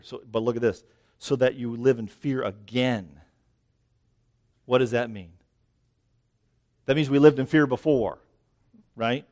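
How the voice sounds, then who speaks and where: Outdoors beside thick greenery, a man with a mid-range, somewhat dark voice preaches a sermon. He sounds slightly winded and talks conversationally, checking in with his listeners by repeatedly asking "right?"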